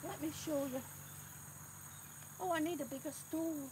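Chatty high-voiced woman outdoors. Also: fairly even intonation, a little slow, noisy background. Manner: chatty, exasperated, sighing. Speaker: vlogger. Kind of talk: casual live-stream chat. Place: outdoors on grass. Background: crickets and passing cars.

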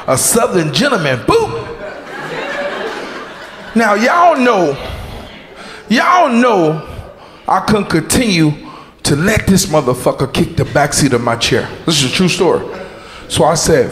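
A man doing a stand-up comedy set on a club stage, loud and animated, shouting punchlines, making sound effects and calling out audience members and crew. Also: on the high side, a little slow. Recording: roomy club echo with crowd noise. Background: audience laughter.

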